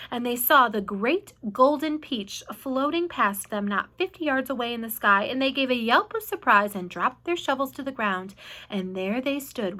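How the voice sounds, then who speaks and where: Female storyteller, high voice, expressive read-aloud. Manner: animated, expressive. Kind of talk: reading a children's book aloud.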